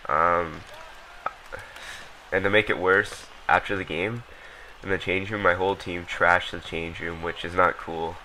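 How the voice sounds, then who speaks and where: The young man speaks a little slowly and steadily, his voice low, bright and forceful, as he loosely comments on his gameplay. Ums, uhs and cursing fill the rambling talk, and the rough recording has a faint hum beneath it.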